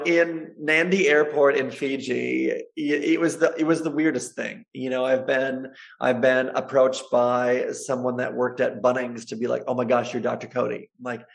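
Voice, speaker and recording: A man, a chiropractor, telling stories in a casual interview, animated and laughing often. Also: medium pitch, vocal fry. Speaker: guest, chiropractor and social media creator.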